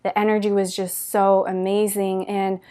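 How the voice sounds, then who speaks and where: Woman doing a spiritual talk, earnest, kinda gushy, says like a lot, average pitch. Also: monotone, normal speed, warm tone, clear, resonant tone. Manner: earnest, gushing storytelling with many "like" fillers. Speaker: spiritual teacher.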